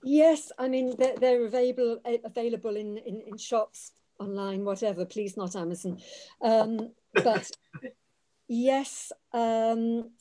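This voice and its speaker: Woman panellist, warm mellow tone, enthusiastic, halting, repeats words. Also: fairly high pitch, fairly even intonation. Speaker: botanist panellist. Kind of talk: casual webinar answer.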